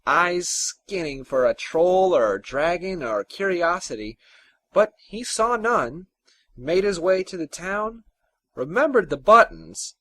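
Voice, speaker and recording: A man narrating a folktale in an expressive, theatrical storytelling style. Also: a little high.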